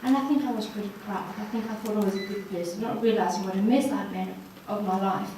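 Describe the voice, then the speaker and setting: A woman's voice: mid-range voice, fast talker, warm tone, a little hiss or hum. Woman guest speaker, earnest and encouraging; roomy hall sound, distant mic. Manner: earnest, encouraging, addresses audience directly. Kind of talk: personal testimony talk. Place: hall at a ladies' social evening. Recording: echoey room from far off.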